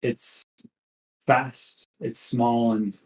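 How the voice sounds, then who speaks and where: A male game master narrates a tabletop game at an unhurried, measured pace. His voice sits in a middle pitch, and he builds the scene in careful steps. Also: little pitch movement, poor audio. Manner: slow, deliberate scene-setting.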